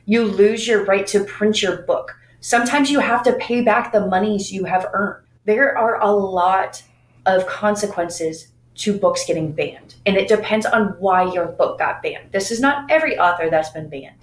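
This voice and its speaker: A woman co-hosting a book podcast, talking in casual chat. She gives blunt, emphatic advice in a mid-pitched voice. The sound is roomy, with noticeable echo. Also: moderate pace. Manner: emphatic, advising directly. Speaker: podcast co-host, author.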